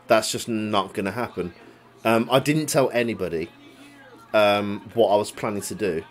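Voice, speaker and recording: A young adult man with a lowish voice, speaking at a normal pace, recounts a grudge in casual chat, swearing a lot and laughing as he goes. Faint music plays behind him.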